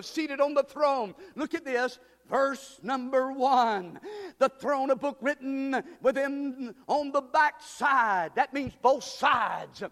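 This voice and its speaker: A man, preaching a sermon as pastor, fervent and rising to shouts. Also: extremely high pitch, long reverb tail. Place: church sanctuary. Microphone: church PA microphone.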